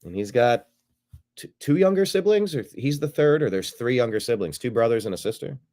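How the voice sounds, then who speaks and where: A man's voice: medium pitch, lively intonation, a little fast, a little mellow. A middle-aged man hosting a show, casually rambling as he retells a phone call and acts out both sides of it. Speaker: show host. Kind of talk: casual livestream monologue.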